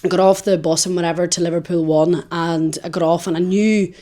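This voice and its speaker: A young woman with a fairly low voice tells a story in casual chat. She is animated, dropping to a hush and then rising loud. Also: fairly quick. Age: young adult. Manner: animated, swings from hushed to loud. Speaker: podcast co-host.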